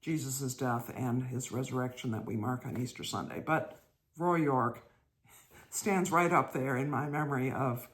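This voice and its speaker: An older woman hosting her own show, telling a church memory in a gentle, chatty way and laughing as she goes. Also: a bass voice. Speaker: host. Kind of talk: casual storytelling monologue.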